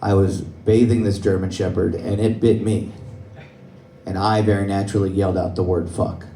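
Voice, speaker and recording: A man's voice: low-pitched, flat delivery, normal speed, mellow, slight background noise. A young man doing a stand-up comedy set on a club stage, telling stories conversationally and laughing at his own jokes. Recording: roomy club sound, mic from a distance.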